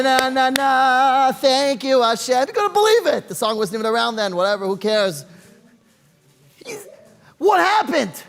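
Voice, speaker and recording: A man tells a story with lively, sing-song delivery, acting out each scene. His voice is strikingly high for a man. A long hall reverb lingers after his words. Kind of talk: animated oral storytelling.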